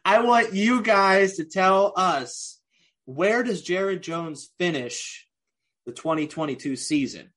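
A man's voice: sits high, expressive, slow pace, a bit bright. A man co-hosting a casual podcast, joking, laughing often and drifting into tangents. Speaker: podcast co-host. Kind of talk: casual chat.

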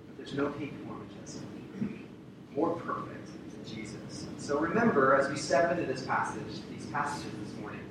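A man preaching a sermon with a slightly raised voice, heard from a distance in a very reverberant church sanctuary. He drives his points home by repeating key phrases and asking the congregation rhetorical questions. A low rumble of background noise sits under the recording. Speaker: pastor. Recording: very echoey hall, distant mic, rumble.

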